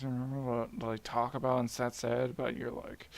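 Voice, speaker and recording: A young man retelling a myth casually at home, muttering quietly and rambling with jokes. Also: medium pitch, flat delivery, normal speed, gravelly, few pauses. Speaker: storyteller. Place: home at night.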